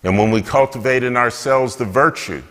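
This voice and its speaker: A man's voice: medium pitch, a bit bright. Man preaching in a reverberant church. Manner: measured, earnest preaching. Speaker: deacon. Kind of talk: homily.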